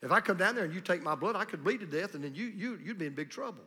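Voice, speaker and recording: A man's voice: high voice, expressive, racing, sharp tone, breathy edge, long reverb tail, heavily acted. A man voicing a drunk driver who stammers through excuses. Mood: sheepish. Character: male drunk driver dodging police tests.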